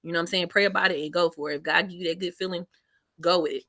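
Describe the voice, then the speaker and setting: A woman comedian telling stories in a casual interview, slangy and animated, acting out quotes with a lifted voice. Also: lowish voice, very fast, no room sound. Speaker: comedian guest.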